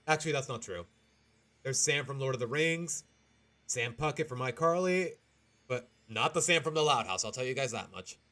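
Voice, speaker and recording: A man's voice: mid-range voice, normal speed. A man streaming a game live, joking around and chatting to his viewers as he plays. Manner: animated, jokey, chats to viewers. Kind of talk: live gameplay commentary. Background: game music.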